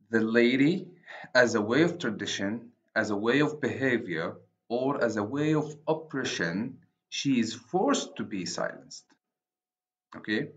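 A man with an Arabic accent, a native Arabic speaker, giving a university literature lecture, deliberate and repeating and rephrasing his points. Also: fairly low pitch, a bit bright. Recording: dull lo-fi recording.

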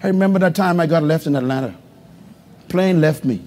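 A man preaching a live sermon as pastor to a congregation, calling for responses and swinging between loud high exclamations and low murmurs. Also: brisk, slight background noise. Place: church hall before a congregation. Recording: live recording with long hall reverb.

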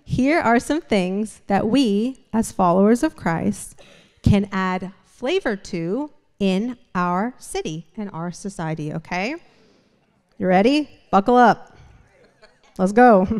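A woman preaching a sermon to a congregation, emphatic and repeatedly checking in with the room by asking "right?" and "okay?". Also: medium pitch. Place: church sanctuary before a congregation. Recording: long hall reverb.

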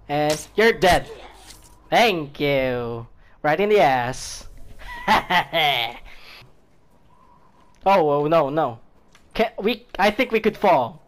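Excitable, unhurried gamer taunting enemies. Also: medium pitch. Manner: laughs often, sudden yelps and shouts; talks to the game characters. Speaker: gaming video creator. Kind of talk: gameplay reaction commentary.

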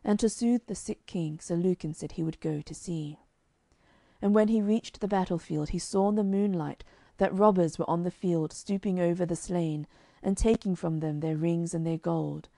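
Woman narrator, calm storybook reading, close dry recording. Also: fairly low pitch, normal speed, gravelly, no room sound. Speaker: audiobook narrator.

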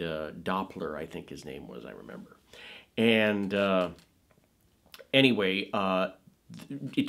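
A middle-aged man in a casual interview, animatedly recalling his film work, his voice trailing off softly at the ends of phrases. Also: sits low. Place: Woodland Hills, California.

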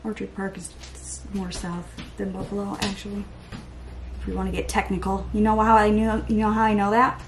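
A young woman chatting through her makeup routine in a get-ready-with-me vlog at home, rambling, excitable and laughing at herself. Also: mid-range voice, brisk, slight background noise. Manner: rambling and self-mocking, laughs often; excitable, hyper. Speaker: beauty vlogger.

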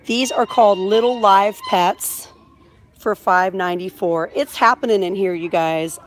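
A woman's voice: mid-range voice, a little slow. A woman in her thirties, gushing and chatty as she vlogs live while she shops in a big store, filming on a phone mount. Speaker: vlogger. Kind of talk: live shop-with-me vlog. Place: large indoor store. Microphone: phone on a vlogging mount.

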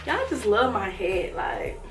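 A woman's voice: medium pitch, huge pitch swings, takes it slowly. A young woman, chatting casually to viewers during a try-on haul, laughing and out of breath. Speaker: fashion vlogger. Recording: echoey room, far from mic, faint music.

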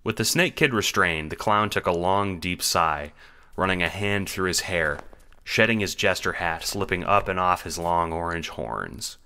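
A man reading the narration of an audio drama in a measured storytelling manner. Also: low-pitched, bright, forceful tone, clear, resonant tone.

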